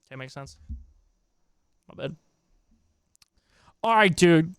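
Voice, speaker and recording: A man's voice: fairly high pitch, animated, slow pace, a bit bright, clean tone, dry recording. A young man streaming live, chatting loosely with his chat as he sets up a reaction video, rambling and swearing casually.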